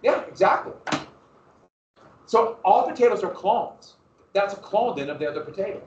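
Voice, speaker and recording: A man teaching a history class in a classroom, lecturing lively and often asking his students questions. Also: high voice, moderate pace, slight background noise. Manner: lively, asks the class questions, restarts phrases. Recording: roomy, distant, dull classroom recording.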